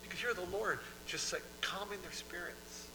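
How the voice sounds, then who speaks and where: A man preaching a sermon in a conversational style, moving between hushed and emphatic delivery and often repeating himself. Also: sits high, moderate pace, slight background noise, poor audio. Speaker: pastor.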